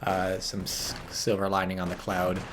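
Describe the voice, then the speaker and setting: A man's voice: deep voice, monotone, moderate pace, background noise. A man casually commentating a strategy game replay, wry and rambling, rising to exclamations at blunders.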